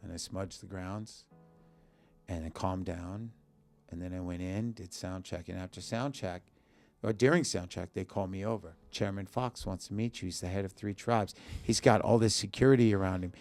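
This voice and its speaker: A man with a very deep, gravelly voice tells a personal story as a guest in a podcast studio. He talks in short bursts, acting out the lines of the people in his story, and his rough low tone sits close to a studio mic. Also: normal speed, a little mellow, soft background music. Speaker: musician guest. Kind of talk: emotional personal storytelling in an interview.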